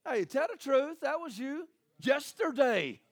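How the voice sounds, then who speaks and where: A man, preaching a sermon in a church with jokey, animated storytelling and acted voices. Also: very high-pitched, unhurried. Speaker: pastor.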